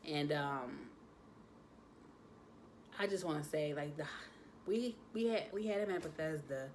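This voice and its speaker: A young adult woman, chatting casually to her viewers, animated with lots of fillers. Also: deep voice, unhurried, a little hiss or hum. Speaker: vlogger, new mother.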